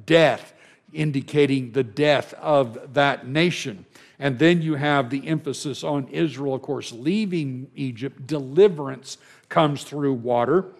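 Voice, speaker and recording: A man at mid pitch teaches a Bible class, his voice carrying a gravelly edge. He talks through passages in an unhurried way, checks in with the listeners and repeats words as he restarts.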